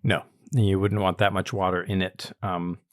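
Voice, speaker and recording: A man hosting a casual podcast chat, relaxed and chuckling often. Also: low voice, moderate pace, no echo, clean studio sound. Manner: relaxed, chuckling, reads tasting notes. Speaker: podcast host.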